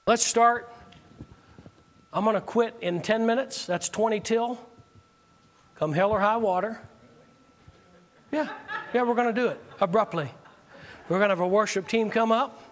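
A man's voice: sits high, a little slow, pauses often, slight background noise. A male pastor preaching a sermon, joking with and teasing the congregation through call-and-response.

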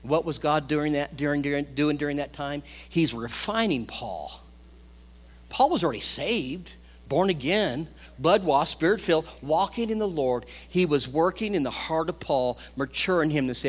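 A middle-aged male pastor preaching a sermon, animated, swinging between loud bursts and quiet asides. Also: fairly high pitch, normal speed. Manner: animated preaching, rising and dropping loudness.

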